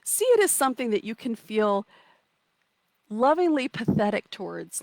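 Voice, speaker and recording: A woman's voice: fairly high pitch, very animated, moderate pace, dry recording. A woman coaching a live online session from outdoors, playful and encouraging, reading out comments and acting out inner voices. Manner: warm, playful, reads out chat comments.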